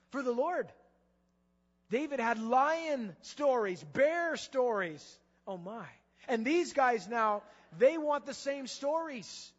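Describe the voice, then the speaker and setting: A man preaching a sermon in an animated way, full of rhetorical questions. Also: very high voice. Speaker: pastor. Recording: echoey hall, slightly dull sound.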